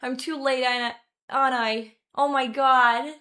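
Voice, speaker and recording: A woman voicing a flustered, late woman commuter in a put-on British accent, loud and exasperated. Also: high voice, fairly even intonation, unhurried, voice pushed up.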